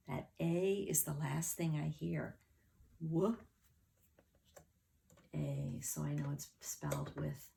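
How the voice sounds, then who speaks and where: A woman teacher leading a children's phonics lesson, sounding out and spelling words slowly and clearly at a board. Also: low voice, mellow. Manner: slow, clear word-by-word spelling with claps and sounding out.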